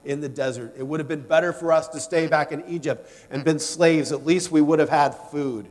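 A man's voice: a little high, moderate pace, darkish tone, natural voice. A man voicing a desperate, grumbling crowd of wandering people, pleading and wailing in a raised voice. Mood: complaining. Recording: long hall reverb.

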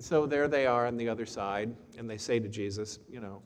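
A man's voice: mid-range voice, fairly even intonation, brisk, few pauses. A man preaching a sermon as an Episcopal priest, telling a Bible story in a casual, conversational way with folksy asides. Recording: long reverb in a church hall.

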